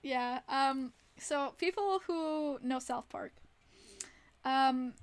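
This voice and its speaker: A woman's voice: high voice, drawn-out words. A young woman casually telling rambling stories on a livestream, giggling often between her words. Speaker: streamer.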